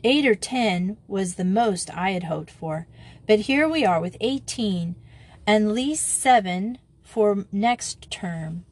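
A brisk, decided young headmistress, as a woman reads her lines, kindly but firm with her pupils. Her speech is crisp and sure of itself in a storybook voice. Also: medium pitch, expressive, a little mellow. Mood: cheerful.

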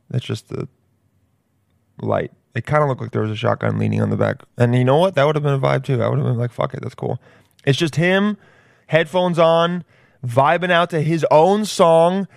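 Excitable, slangy man riffing. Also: mid-range voice, dry recording, clean studio sound. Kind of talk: casual comedic riffing.

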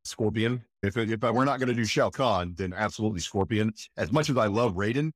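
A man's voice: lowish voice, brisk, no echo, clean studio sound. A man who works as a voice actor, chatting in an interview, enthusiastic and emphatic, often tossing in "again" and "right?". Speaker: voice actor guest. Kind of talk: casual interview chat.

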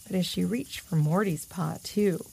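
A woman narrating a children's storybook in a gentle, expressive way. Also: fairly low pitch, moderate pace, creaky, slight background noise. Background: music.

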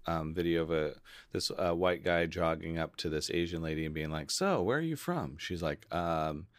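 A man's voice: rumbling low, normal speed, clear, resonant tone, dry recording. A middle-aged American man co-hosting a podcast in casual conversation, telling stories and acting out other people's lines. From United States. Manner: animated storyteller, acts out quoted voices. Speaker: podcast co-host.

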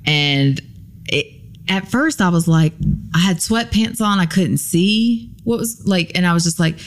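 A woman's voice: fairly low pitch, measured pace. A woman guest on a podcast, telling a story casually, acting out the lines of people in it, with many ums and likes. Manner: animated retelling, acts out quoted lines.

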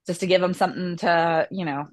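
A woman with a fairly low voice talks as a guest editor on a podcast. She speaks in a halting way and often pauses for the right word. The sound is dry and close. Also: fairly even intonation, no room sound. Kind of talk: casual podcast interview.

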